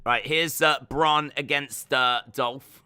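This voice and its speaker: A man's voice: mid-range voice, fairly even intonation, takes it slowly, bright, forceful tone, clear, resonant tone, no room sound. A man hosting a live watch-along stream who rambles animatedly and acts out scenes. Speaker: host.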